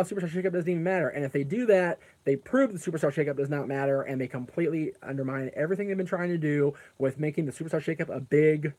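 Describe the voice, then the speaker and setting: A man's voice: a little high, darkish tone. Rambling man hosting a live stream. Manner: rambling, answers chat comments aloud; frequent fillers and self-corrections. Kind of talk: casual live-stream chat.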